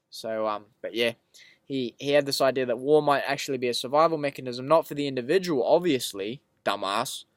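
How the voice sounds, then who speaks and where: A man's voice: medium pitch, no echo. A man in a casual vlog monologue, reading quotes aloud and riffing on them in a rambling, profane, emphatic way. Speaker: vlogger.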